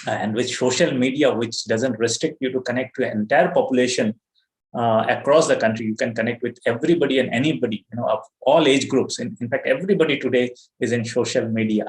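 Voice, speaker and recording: A man's voice: mid-range voice, brisk. A middle-aged man with an Indian accent giving an earnest, emphatic motivational talk to his business team, often saying "you know". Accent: Indian English. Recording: roomy echo.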